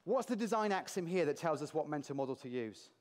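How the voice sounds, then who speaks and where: A British man giving a lively, jokey conference talk to a large audience in a hall, asking the crowd questions as he goes. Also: a little high, quick pace. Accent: British English. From Britain. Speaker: conference speaker.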